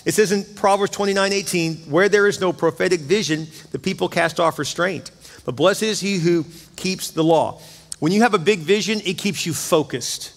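A middle-aged man delivers a sermon in a high, light voice. His preaching is chatty and lively, and he keeps addressing the congregation directly. The sound rings with the long reverb of a large church hall. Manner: conversational, energetic preaching with asides to the congregation. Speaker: pastor. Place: church sanctuary.

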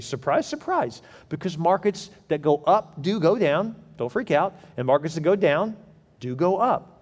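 A man preaching a sermon in an animated way, asking rhetorical questions and acting out quoted voices. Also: on the high side, long reverb tail. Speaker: pastor.

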